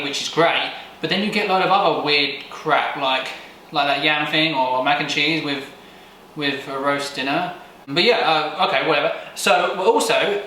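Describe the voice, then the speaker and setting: A man's voice: on the high side, pushed and bright. A Brit putting on a brash American guy. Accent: put-on American. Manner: exaggerated folksy drawl with slang. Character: hammy loud American guy, man, brash and folksy. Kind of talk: comic vlog intro. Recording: very echoey room, faint noise.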